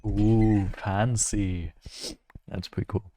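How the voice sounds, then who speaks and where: Chatty low-voiced male game streamer. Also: little pitch movement, slow pace, warm tone. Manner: chatty, laughs often, muses aloud. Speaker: gaming streamer. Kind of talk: casual gameplay commentary.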